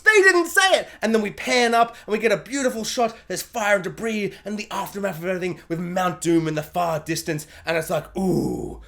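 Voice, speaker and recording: A man's voice: high voice, expressive, fairly quick, few pauses, sharp tone. A man giving an exasperated, self-mocking rant in a video review, breaking into laughter often. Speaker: show reviewer.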